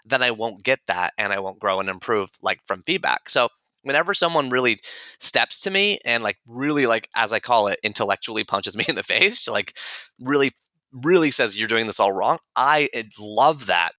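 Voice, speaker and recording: A man with a bright, forceful voice tells a story in a casual, chatty way. He acts out the dialogue with animated jumps in his voice. The sound is dry and close. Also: medium pitch, normal speed, dry recording. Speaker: podcast guest.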